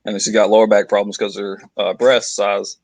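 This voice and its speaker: A man's voice: on the low side, little pitch movement, brisk, a little mellow, no echo, poor audio. A man telling a family story in casual chat, rambling and loose, swearing casually.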